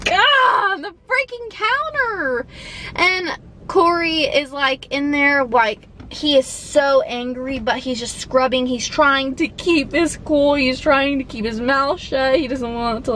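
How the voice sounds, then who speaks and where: A young woman vlogger telling a story casually, animated, swearing, with lots of "like". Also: sits high, slight background noise, poor audio.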